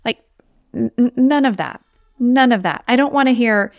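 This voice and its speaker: A woman's voice: on the high side, normal speed, a little mellow, no room sound, clean studio sound. A woman hosting a solo podcast as a weight loss coach, talking in an encouraging, conversational way and sometimes acting out inner voices.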